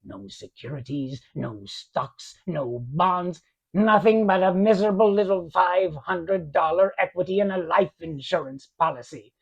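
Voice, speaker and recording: A man's voice: sits high, creaky, breathy edge, full character voice. A man doing an impression of a cold, mocking rich old man who relishes his insults, in a dull, muffled recording. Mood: contemptuous. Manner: slow, scornful, relishes insults. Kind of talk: voice impression of a film scene.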